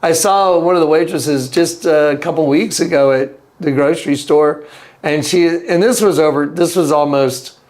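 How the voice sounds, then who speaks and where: A man's voice: a little high, normal speed, a little mellow. A man telling a story as an interview guest, wandering between asides and acting out other people's lines in a raised voice. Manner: rambling, with frequent restarts and asides. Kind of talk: casual storytelling.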